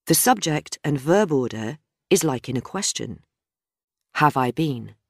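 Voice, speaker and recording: A woman reading a scripted grammar lesson in a measured, explanatory way. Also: low voice, animated, no echo, clean studio sound. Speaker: grammar teacher. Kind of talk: scripted instructional narration.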